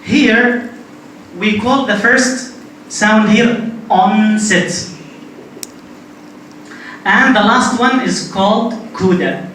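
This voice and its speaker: A man's voice: high voice, very slow, pauses often, a bit bright. A man whose first language is Arabic gives a linguistics lecture in a classroom, explaining step by step and repeating key points. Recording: very echoey room, distant mic, faint noise.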